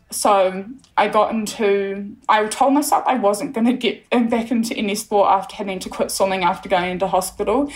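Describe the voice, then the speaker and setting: A bubbly young woman from New Zealand, a podcast guest, chatting casually and laughing often as she tells her story. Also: mid-range voice.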